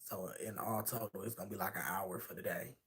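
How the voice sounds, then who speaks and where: A man telling a hookup story on a casual livestream, sassy and animated, acting out the voices of the people he quotes. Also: low voice, fairly quick.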